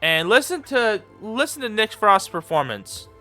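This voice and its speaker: Rambling bright-voiced man reacting to a trailer. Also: high-pitched, a little slow, soft background music. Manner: rambling, filler-heavy, repeats himself; gets excited and laughs easily. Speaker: YouTube commentator. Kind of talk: casual reaction commentary.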